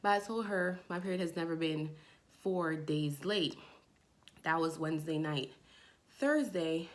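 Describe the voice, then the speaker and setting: Young female vlogger, low-ish natural voice, chatty, acts out quotes. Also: measured pace. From Jamaica. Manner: animated, acts out quoted friends in a raised voice. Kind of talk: casual storytelling to camera.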